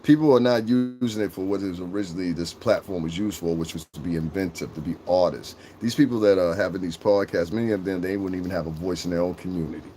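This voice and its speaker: A man's voice: low voice, fast, few pauses, warm tone. Profane Connecticut man rambling on a livestream. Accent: Connecticut shoreline, New England and New York mix. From Connecticut, USA. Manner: rambling, profane, laughs often, reads and answers chat. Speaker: livestream host. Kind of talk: casual livestream chat.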